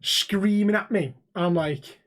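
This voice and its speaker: A man's voice: high voice, unhurried. Sweary man telling stories. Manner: sweary, acts out the people in his stories. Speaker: podcast co-host. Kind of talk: casual storytelling chat.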